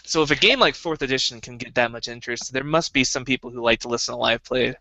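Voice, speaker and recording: Man, game master co-host, quick pace, bright tense tone, dry close podcast sound. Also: medium pitch, no echo. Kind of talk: casual chat.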